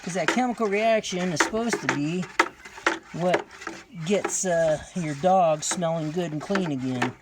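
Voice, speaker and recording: A man's voice: fairly high pitch, measured pace. Guy rambling through a how-to dog wash, cracks jokes, noisy phone audio outside. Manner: joking, rambling, talks to viewers. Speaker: dog owner demonstrating. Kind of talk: casual how-to commentary. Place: outdoors at night, washing a dog with a hose. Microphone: phone camera held by another person. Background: running water.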